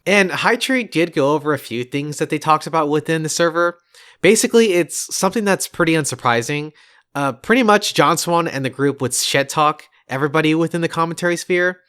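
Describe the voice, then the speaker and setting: A man's voice: a little high, brisk, a bit bright, clean tone. A man hosting a podcast in casual chat, mocking and laughing often. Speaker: podcast host.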